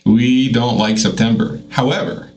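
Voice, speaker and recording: A man's voice: mid-range voice, steady tone, measured pace, darkish tone, muffled recording. A man hosting a market update show in a friendly, easygoing, chatty way. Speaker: host. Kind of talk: casual chat.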